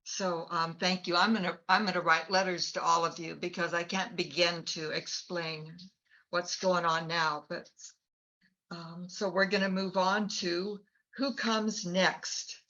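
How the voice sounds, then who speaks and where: A woman hosting a storytelling event over a video call, speaking haltingly with fillers. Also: fairly low pitch, steady tone, bright, forceful tone. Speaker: host. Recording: dull lo-fi video call audio.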